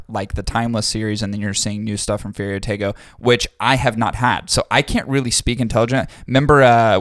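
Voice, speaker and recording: A man's voice: fairly low pitch, fairly bright tone, smooth, no echo, studio quality. A man co-hosting a podcast, chatting casually and thinking aloud with restarts and the odd swear word. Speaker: podcast co-host. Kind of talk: casual chat.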